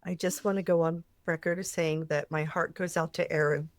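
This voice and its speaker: A woman's voice: low voice, steady tone, brisk, dry recording. A woman co-hosting a podcast, playful and teasing in casual banter. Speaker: podcast co-host.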